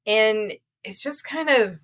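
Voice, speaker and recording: Woman co-host, chatty and expressive. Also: on the high side, slow. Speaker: podcast co-host. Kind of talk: casual advice chat.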